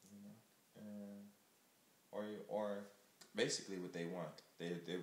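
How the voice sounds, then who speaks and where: A man's voice: fairly low pitch, level tone, measured pace, roomy sound. A man from the United States talking casually and candidly to the camera, rambling and emphatic. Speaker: vlogger. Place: Japan.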